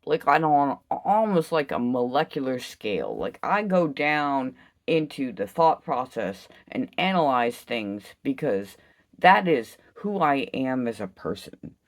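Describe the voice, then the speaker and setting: A woman giving an impassioned solo vlog rant, emphatic and profane, swinging from loud outbursts to low, slow musing. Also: very animated. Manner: intense, emphatic, heavy swearing. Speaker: vlogger.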